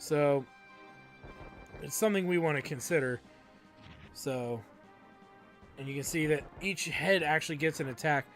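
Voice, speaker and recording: A man's voice: on the high side, unhurried, pauses often, fairly bright tone, soft background music. A man hosting a let's play, giving casual gameplay commentary with crude jokes and many ums.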